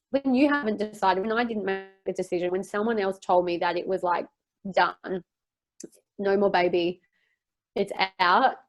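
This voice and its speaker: Candid young woman sharing personal story. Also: medium pitch. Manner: open and emotional, rambling with frequent fillers. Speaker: podcast guest.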